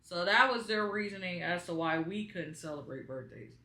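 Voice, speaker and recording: A young woman with a bright, crisp voice chats to her viewers while doing her makeup, wandering off into lively asides. She sits in a small room at home by a window, talking toward her camera, and the bare walls give her voice a roomy ring. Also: on the low side, moderate pace. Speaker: beauty vlogger. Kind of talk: casual storytime chat while doing makeup. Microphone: camera in front of her.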